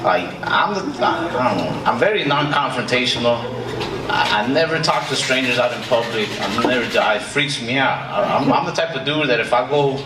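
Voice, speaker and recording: A man's voice: medium pitch, animated, a little fast. Hesitant stand-up comic, man, roomy. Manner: hesitant, self-deprecating, stammering restarts. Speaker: stand-up comedian. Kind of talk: stand-up comedy set. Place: comedy club stage. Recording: roomy, distant sound with loud crowd noise.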